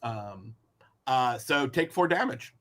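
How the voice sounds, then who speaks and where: A man's voice: mid-range voice, expressive, fairly bright tone. A man running a tabletop game as game master, narrating with many restarts. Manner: halting, many restarts and fillers.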